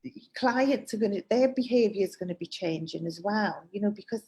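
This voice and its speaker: A woman's voice: mid-range voice, fairly quick, darkish tone. A woman hosting an interview, telling a work story in a hesitant, chatty way with many restarts. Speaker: salon owner and host. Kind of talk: casual interview chat.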